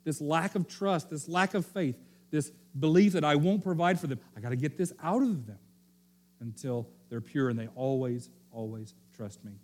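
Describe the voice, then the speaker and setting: A male pastor giving a sermon, telling the story with animated, repeated phrases and frequent restarts. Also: a little high, moderate pace.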